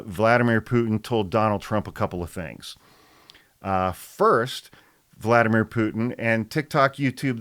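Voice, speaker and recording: A man delivers casual political commentary in a resonant, slightly low voice. He reads quotes and answers them with deadpan, exasperated sarcasm. The recording is dry and close, with no room sound. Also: clear, resonant tone, no echo.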